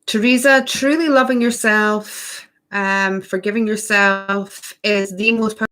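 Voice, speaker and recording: A woman's voice: mid-range voice, steady tone, a little slow, fairly bright tone. Effusive woman hosting a live Q&A. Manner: chatty and effusive, replying to viewer comments by name. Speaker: spiritual workshop host. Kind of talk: casual live-stream Q&A.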